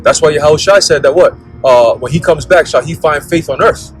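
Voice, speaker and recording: A man's voice: on the high side, moderate pace, slightly rough, faint music behind, poor audio. Fiery, profane man preaching. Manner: blunt, profane, keeps asking "okay?" and "all right?". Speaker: religious commentator.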